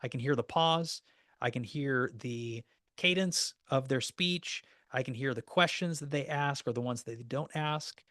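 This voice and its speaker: A man coaching real estate agents through offer negotiation, practical and direct, sometimes acting out short phone scripts. His voice sits at an ordinary middle pitch. The recording is dry and close, with little room sound. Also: a little slow, a bit bright, no room sound. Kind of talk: recorded training class.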